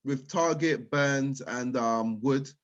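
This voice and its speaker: A man's voice: mid-range voice, takes it slowly. Hesitant man on a dull call line. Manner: hesitant, repeats words as he thinks. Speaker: co-host of a football chat show. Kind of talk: casual football chat.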